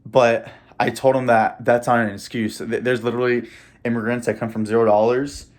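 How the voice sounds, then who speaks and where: A man's voice: medium pitch, little pitch movement, a little fast. A young man talking straight to camera about his dreams in a casual, rambling way, repeating words and laughing, choked up with emotion. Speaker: vlogger. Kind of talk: casual motivational monologue.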